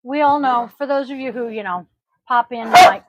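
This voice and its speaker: A woman with a voice pitched a little above the usual, hosting a casual podcast and chatting in a loose, rambling way full of ums and throat-clearing. She is recorded at home on a close microphone in a dry, dead room with no echo. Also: normal speed, highs cut off. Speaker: yoga teacher and podcast host.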